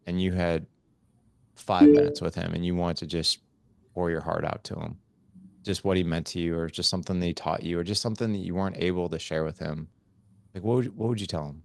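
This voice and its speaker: A man's voice: low-pitched, vocal fry, a little hiss or hum. A man hosting a podcast interview, telling a story with lots of laughter and quoted dialogue. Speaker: podcast host. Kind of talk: casual interview conversation.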